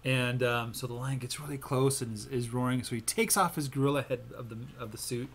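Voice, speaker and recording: A man in casual gameplay commentary, his voice sitting in an ordinary middle pitch. He rambles, restarts sentences and fills gaps with ums as he talks. A faint hiss of noise runs under the recording. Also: fairly even intonation, fairly quick. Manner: rambling, self-interrupting storyteller. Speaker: gaming channel host.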